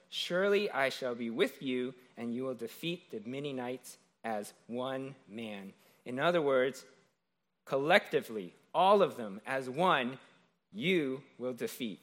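A man's voice: mid-range voice, a bit bright. A man preaching a sermon in a conversational way, retelling a scripture story and often checking in with "right?".

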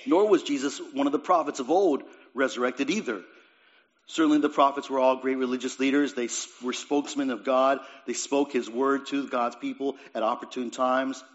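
A man at mid pitch preaches a sermon, pressing hard on some lines and letting others fall almost to a hush. He restarts and repeats words as he thinks aloud, and the recording sounds dull and lo-fi. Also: steady tone, moderate pace. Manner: swings between raised emphatic lines and quiet, dropped phrases.

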